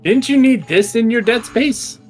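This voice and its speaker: A man's voice: very high-pitched, lively intonation, measured pace, faint music behind. A man playing a co-op game with a friend, playful and teasing, breaking into squealing outbursts. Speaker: co-op gaming partner. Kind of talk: casual co-op gameplay chat.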